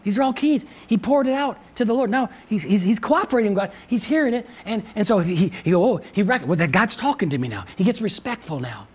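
Husky animated preacher. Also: medium pitch, quick pace, few pauses. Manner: animated, repetitive restarts, laughing asides. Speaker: pastor. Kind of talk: sermon.

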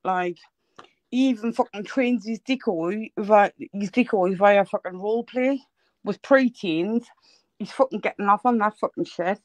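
A woman's voice: medium pitch, unhurried, no echo, poor audio. Live-stream host, woman, profane and heated, dry close sound. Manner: sweary, heated, blunt. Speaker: livestream host.

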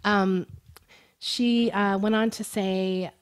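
A woman's voice: medium pitch, fairly even intonation, slow, smooth. Giggly woman hosting a true-crime podcast. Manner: giggly, chatty, reads quotes aloud. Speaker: podcast co-host. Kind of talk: casual true-crime chat.

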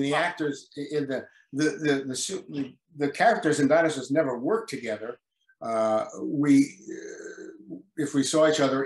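A man's voice: medium pitch, echoey room, poor audio. An older man, a guest actor on a video call interview, talking hesitantly with lots of repeated words and apologies for his memory.

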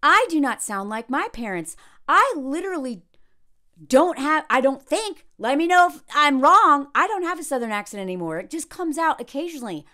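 A woman's voice: high-pitched, big pitch swings, normal speed, pushed and bright. A woman from the American South giving blunt, sarcastic commentary on a reality TV show and laughing often. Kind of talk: casual reaction commentary.

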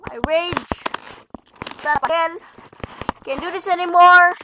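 High-pitched gamer muttering and yelling. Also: fairly even intonation, unhurried, long pauses, very noisy. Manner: frustrated, exclaiming, mutters to self. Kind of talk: gaming commentary. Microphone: tablet mic.

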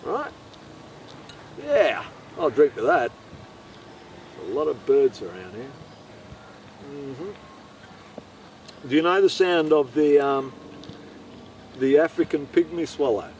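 A man telling a rambling comic story, animated and profane, breaking into bird impressions, recorded outdoors. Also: fairly high pitch, slow pace, pauses often. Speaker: comedic monologuist. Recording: voice distant from the mic with faint outdoor noise.

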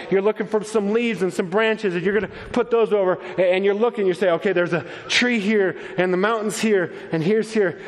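A man preaching a sermon as pastor, telling a parable with animated voices, frequent restarts and stammers. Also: high voice, in a large hall. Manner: animated storytelling, acts out voices, many restarts. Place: church.

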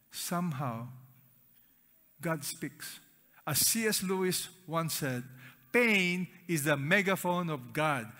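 A man's voice: on the high side, sharp tone. A man preaching a sermon to a congregation, stressing key words, asking them questions and leading them in reading aloud. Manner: asks the congregation questions and has them read along; emphatic, repeats key words. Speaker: pastor. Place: church auditorium. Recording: long reverb of a large hall.

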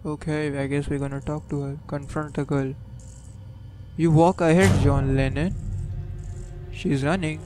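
A man's voice: on the high side, little pitch movement, a little slow, pauses often, music in the background. A young man giving joking, jumpy commentary while he plays a horror game. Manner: joking, jumpy, mocks the characters. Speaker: gameplay commentator. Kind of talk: casual let's-play commentary.

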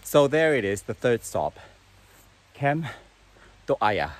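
A man vlogging as he hikes a forest mountain trail outdoors, chatting in an unhurried, enthusiastic way. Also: mid-range voice, big pitch swings, slight background noise. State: out of breath while climbing. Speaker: travel vlogger. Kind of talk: hiking vlog narration.

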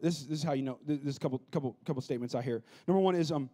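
A pastor preaching a lively, humorous sermon, acting out the people he quotes. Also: a little high, rapid-fire. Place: church auditorium.

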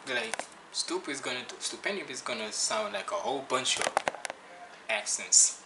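A man's voice: mid-range voice, big pitch swings, normal speed, gravelly, reverberant, very noisy. A man hosting a reaction video, chatting casually in a rambling, loose way. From Jamaica. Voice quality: rambling, chatty, restarts a lot. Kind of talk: casual chat.

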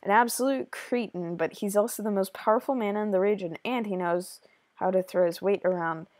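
Brief: woman voicing a warm-hearted, secretive beekeeper, mid pitch, dry close sound. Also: brisk, no echo, close to an everyday voice. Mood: confiding. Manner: gentle, confiding storytelling.

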